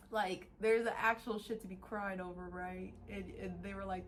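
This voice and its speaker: A woman vlogger giving a casual motivational rant, animated, laughing often and swearing freely as she rambles with restarts. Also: medium pitch, moderate pace, few pauses, a little hiss or hum.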